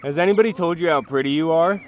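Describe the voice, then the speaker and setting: A man's voice: fairly high pitch, fast talker, over music. A man on his homestead, chatting to the camera and coaxing his chickens, goats and pigs at feeding time. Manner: chatty, coaxing, talking to animals. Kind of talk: casual vlog talk to animals and camera. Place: outdoors on a farm. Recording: faint outdoor farm noise. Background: farm animals bleating.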